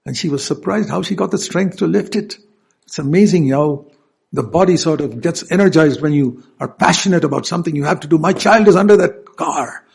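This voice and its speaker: A man's voice: fairly high pitch, a little fast, gravelly, darkish tone, husky. A male preacher giving an earnest sermon, stopping to explain scripture verses.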